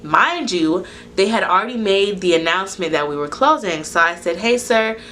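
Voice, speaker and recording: A woman telling a storytime to her camera in a casual, animated, profane way, acting out the people in it. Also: lowish voice, moderate pace, a little hiss or hum. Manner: animated, profane retelling that acts out dialogue. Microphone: camera recording to SD card.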